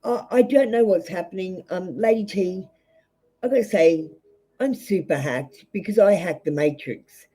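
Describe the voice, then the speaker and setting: A woman's voice: fairly low pitch, lively intonation, moderate pace, mellow, breathy edge, poor audio. An Australian woman giving a live tarot reading to viewers, blunt and rambling, with many fillers and restarts. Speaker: tarot reader.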